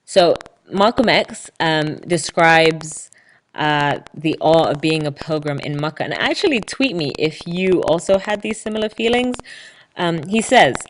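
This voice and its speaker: A woman's voice: sits low, animated, unhurried, low-quality recording. A woman hosting a solo podcast, talking through prepared notes in an explanatory, lecture-like way with dry ironic asides. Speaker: podcast host.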